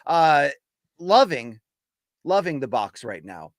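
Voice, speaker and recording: A man hosting a casual podcast, giving opinionated takes and running quickly through names and rankings. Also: a little high, big pitch swings, no echo. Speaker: podcast host. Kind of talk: casual boxing podcast chat.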